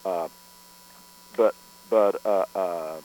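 A man, a record producer, telling studio stories in a relaxed interview, rambling with frequent restarts and fillers. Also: deep voice, drawn-out words, a little hiss or hum, poor audio. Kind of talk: conversational storytelling interview.

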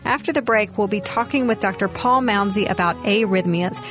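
A woman's voice: medium pitch, normal speed, music in the background. Woman doctor hosting a radio show.

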